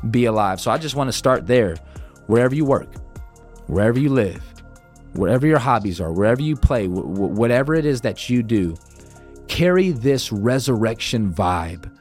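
A male pastor preaches on leadership in an emphatic, encouraging way. He lets important words stretch out slowly so they land. His voice sits at a medium pitch, with soft music playing faintly underneath. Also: no echo, clean studio sound. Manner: emphatic, slows right down to stress key phrases. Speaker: senior pastor.

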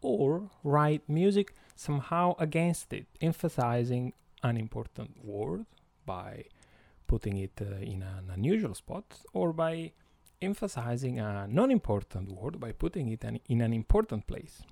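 A man with an Italian accent, Italian his first language, hosting an educational podcast and explaining slowly with many pauses and fillers. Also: mid-range voice, big pitch swings, creaky, darkish tone, dry recording. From Italy. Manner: slow and hesitant, many fillers. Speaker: podcast host.

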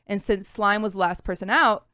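A young woman co-hosts a casual podcast and recounts events earnestly and vividly, scattering "like" through her sentences. Her voice is smooth and clean, and her pitch sits in a middle range. The recording is dry and close, with no room sound. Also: moderate pace, sharp tone, no echo. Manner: earnest, vivid retelling with frequent "like" fillers. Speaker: podcast co-host.

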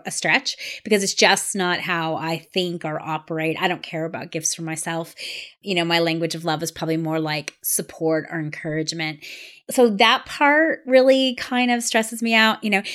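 A woman's voice: lowish voice, fairly bright tone. Candid woman podcast host. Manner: frank, confiding, thinks aloud. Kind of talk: casual podcast chat.

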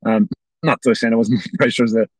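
A man's voice: medium pitch, fairly even intonation, fairly quick, slightly rough, no echo, poor audio. An Irish man, a former footballer, chatting as a guest and rambling with many restarts. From Ireland. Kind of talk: casual interview chat.

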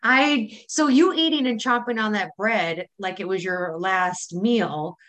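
A woman's voice: mid-range voice, a little slow, fairly bright tone. A woman with a Wisconsin accent co-hosting a podcast. She chats casually and laughs often. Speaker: podcast co-host. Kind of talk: casual chat.

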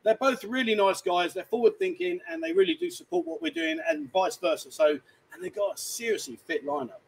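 A man's voice: extremely high pitch, sing-song, fairly quick, gravelly, husky, low-quality recording. A man hosting a livestream from a bar, chatting casually, teasing and rambling. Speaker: livestream host. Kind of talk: casual banter. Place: bar, indoors.

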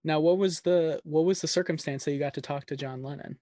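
A man's voice: on the high side, steady tone, fairly quick, mellow, no room sound. A man hosting a casual interview, who laughs often and answers with short encouraging remarks. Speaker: interviewer host. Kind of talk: casual conversation.

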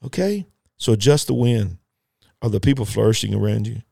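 A man's voice: steady tone, fairly quick, creaky, dark tone, breathy edge, dry recording, clean studio sound. A man preaching a sermon, emphatic and repetitive, talking folksy and straight to his listeners. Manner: emphatic, repetitive, rising to fervent pitch; folksy, addresses listeners directly.

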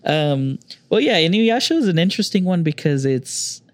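A man's voice: a little high, very animated, moderate pace, no echo. A man hosting a casual chat, laid-back, joking and swearing freely.

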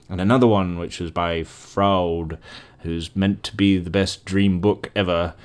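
Speaking at a moderate pace, a man with a low, steady, slightly mellow voice recounts a dream on his podcast. It's casual solo storytelling, rambling and chatty, and he laughs at himself as he goes.

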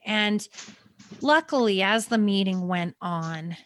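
A woman tells her own family story on a podcast, earnest and quick, her words sometimes tumbling over each other. She sounds close to tears at moments. The recording is dry and close. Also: mid-range voice, no room sound. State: near tears. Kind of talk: emotional personal storytelling.

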